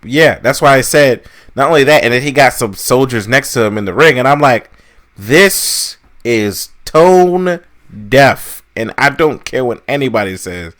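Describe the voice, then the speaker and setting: A man co-hosting a casual wrestling podcast, talking in an animated, mocking way and swearing freely. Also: medium pitch, a little fast, few pauses. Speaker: podcast co-host.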